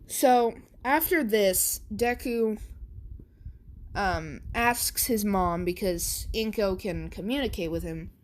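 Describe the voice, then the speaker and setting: A woman tells a fan story in a casual, rambling way, leaning on fillers and restarting her sentences. She talks at a slow, unhurried pace in a mid-range voice. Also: mid-range voice.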